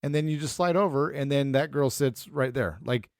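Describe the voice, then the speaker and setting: A man's voice: medium pitch, normal speed, creaky, a little mellow, no room sound. Emphatic opinionated man, dry sound. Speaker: podcast co-host. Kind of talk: casual chat.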